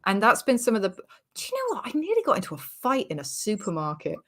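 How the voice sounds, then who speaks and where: A British woman comedian in her forties, telling a sweary, animated anecdote in casual chat over a remote call. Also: mid-range voice, fast. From Britain. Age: 40s. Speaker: comedian guest.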